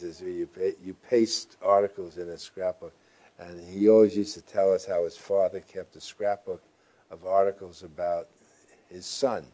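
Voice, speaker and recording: An older man, a journalist, answering interview questions in a reflective, halting way with frequent pauses and restarts. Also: low-pitched, dark tone.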